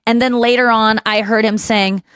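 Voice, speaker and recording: Animated woman podcast host, dry studio sound. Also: moderate pace, smooth, no room sound. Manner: animated storytelling, acts out quotes in a higher voice. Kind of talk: casual chat.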